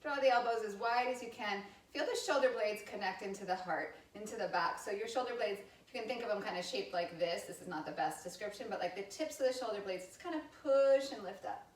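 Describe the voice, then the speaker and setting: A yoga teacher in her thirties talks students through poses and breaths, mixing calm cues with candid, chatty asides. Her medium-pitched voice sits a little back from the mic, with a roomy echo around it. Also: fast, hardly any pauses. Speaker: yoga instructor. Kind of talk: live yoga class instruction. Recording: roomy sound from a distance from the mic.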